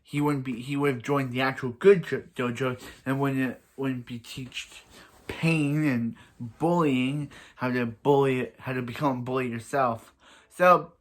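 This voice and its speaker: A young man casually reviewing a TV episode, rambling and excitable and often restarting his sentences. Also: mid-range voice, unhurried. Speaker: fan reviewer.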